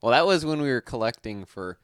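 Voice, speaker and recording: Lively, animated man telling stories. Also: medium pitch, brisk, smooth, dry recording, clean studio sound. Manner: animated storyteller, swears freely. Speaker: livestream co-host. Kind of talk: casual chat.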